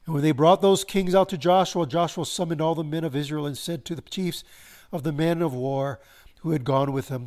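A man preaching a sermon, swelling to emphasis and slowing into solemn pauses. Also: fairly high pitch, steady tone, a little mellow. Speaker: pastor.

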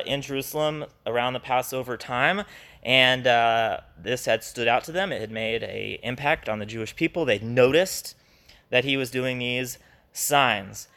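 A man leading a Bible study, explaining a passage in an earnest, conversational way and acting out the quotes he reads. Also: medium pitch. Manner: earnest, animated when quoting scripture.

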